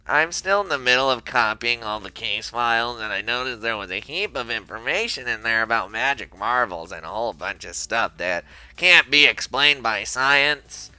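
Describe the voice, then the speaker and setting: A man's voice: mid-range voice, expressive, normal speed, hardly any pauses, bright, forceful tone, clean tone, soft background music, rough recording. A man voicing a blunt, skeptical woman lab chief in a fan dub.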